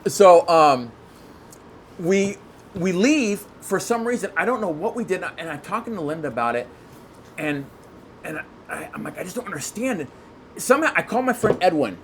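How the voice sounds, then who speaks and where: Guy telling a story all worked up, kinda high voice, restarts a lot, faint hiss behind. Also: a little fast. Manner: excitable, rambling, many restarts. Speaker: podcast guest. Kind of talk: casual storytelling chat.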